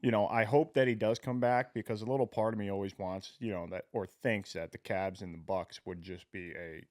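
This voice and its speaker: A young man co-hosting a sports podcast, talking in a relaxed, hedging way with lots of fillers. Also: lowish voice, brisk, no room sound, studio quality. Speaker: podcast co-host. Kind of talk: casual sports chat.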